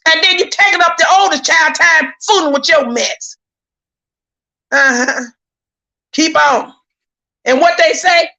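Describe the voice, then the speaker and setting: A woman's voice: high voice, sharp tone. A woman giving heated live-stream commentary, indignant and preachy, repeating her points, stammering when worked up and calling out to viewers. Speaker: YouTube commentator.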